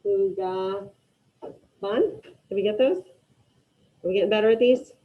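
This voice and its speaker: A woman's voice: medium pitch, measured pace, narrow, tinny audio. A woman teaching an online Spanish class, encouraging her students and calling on them by name.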